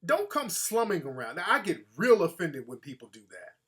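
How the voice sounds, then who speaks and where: A male host talks through his opinions in loose, profane commentary. His voice sits fairly high for a man. He delivers it with energy and often drops into quick mocking impressions of other people. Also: huge pitch swings, a bit bright.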